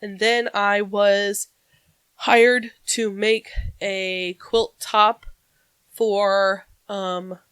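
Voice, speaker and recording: A woman co-hosting a podcast in casual chat, talking in a rambling way with frequent pauses. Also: mid-range voice, level tone, a bit bright, clear, resonant tone, no echo. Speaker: podcast co-host.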